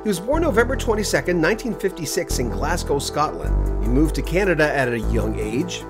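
A man's voice: fairly high pitch, expressive. A man hosting an interview, reading a scripted introduction before asking questions. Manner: reads a bio script, then halting questions. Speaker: interview host. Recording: faint music behind voice.

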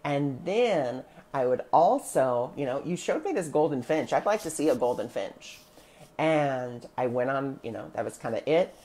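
A woman working as a spiritual guide, chatting on a livestream, greeting viewers by name and telling a personal story in an animated way. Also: very deep voice, moderate pace. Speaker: spiritual guide who sees clients.

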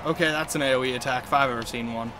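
A man giving casual gameplay commentary in an excitable, exclamatory way, swearing freely. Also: mid-range voice, rapid-fire, over loud music. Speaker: video game let's-player.

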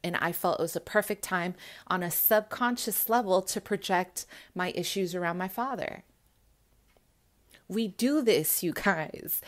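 A young woman talking casually to the camera, earnest and emphatic, often turning to address her viewers directly. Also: mid-range voice. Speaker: spiritual vlogger.

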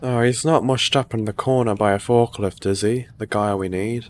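A man's voice: fairly low pitch, steady tone, normal speed, a little hiss or hum. Male let's-player, a little ill, sarcastic and foul-mouthed, casual running commentary. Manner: joking, sarcastic, swears often. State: sick. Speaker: gaming YouTuber.

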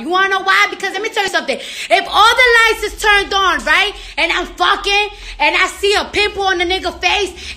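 A woman talking straight to her followers in a casual monologue, brash and profane, telling stories with lots of energy. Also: extremely high pitch. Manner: brash, profane, animated storytelling.

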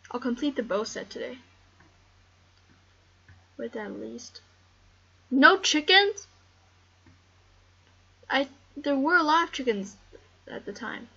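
A woman giving casual, excitable game commentary, rambling and talking to the animals on screen. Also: sits high, slow, gravelly, long pauses, husky, highs cut off. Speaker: gameplay commentator.

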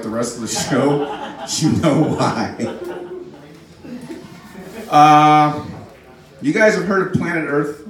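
A male stand-up comic rambling through his set, mocking himself and teasing the crowd, his pitch bouncing lively. The sound is roomy, picked up from a distance on a club stage. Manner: rambling, self-mocking, audience banter. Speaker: stand-up comedian. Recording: roomy club, mic from far off.

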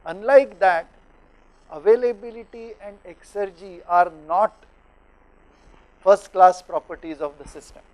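A middle-aged Indian man lectures teachers on thermodynamics in a studio, often pausing with fillers as he works through examples. His voice is high with a darkish tone, and the recording is rough.

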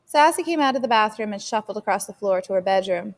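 A woman's voice: mid-range voice, expressive, fast. Woman teacher reading a novel aloud. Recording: long reverb.

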